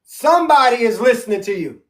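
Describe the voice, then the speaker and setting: A man with a very high voice leads a scripture lesson from his home. He preaches with emphasis and reads the verses aloud. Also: very animated, a little fast, a bit bright. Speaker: religious teacher. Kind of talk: scripture teaching on a live stream.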